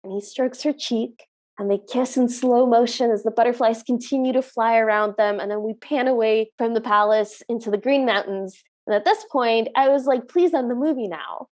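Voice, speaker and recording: A woman co-hosting a podcast, retelling a movie's plot in lively casual chat and acting out the lines. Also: on the high side, normal speed. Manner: animated, laughing, recaps scenes and acts out the lines. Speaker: podcast co-host.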